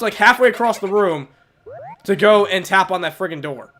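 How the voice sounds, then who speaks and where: A young man with a congested, stuffy voice from a cold, giving excitable, jokey gameplay commentary and cursing at enemies. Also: high voice, brisk. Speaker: let's play commentator.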